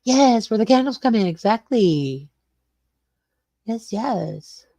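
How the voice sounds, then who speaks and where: Speaking slowly and with animation, an older woman runs a laid-back livestream from the small suite in her garage, welcoming viewers by name and wandering through the chat. Her voice sits on the high side with a dark tone, captured in a dry recording.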